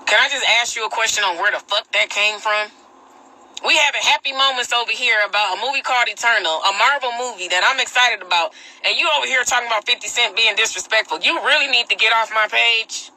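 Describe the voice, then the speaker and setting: A livestream host with a slightly high, bright, forceful voice talks quickly on her phone stream, and the recording is rough. She rants bluntly in slangy, casual language and responds to viewer comments.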